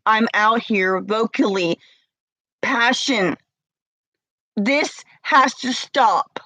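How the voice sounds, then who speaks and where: Woman in her 40s, livestreamer, high-pitched and unhurried, tearful and combative, dry room. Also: dry recording, poor audio. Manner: tearful, confrontational, rising to shouts. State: crying. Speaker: livestreamer addressing her chat. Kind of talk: emotional livestream rant.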